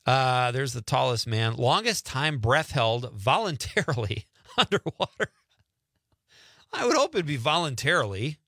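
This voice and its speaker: A man hosts a radio show with a joking, animated delivery. His pitch leaps around expressively and his tone is bright and forward. The sound is dry, close studio audio. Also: a little slow, dry recording. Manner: jokey, animated, laughs often. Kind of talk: casual radio banter.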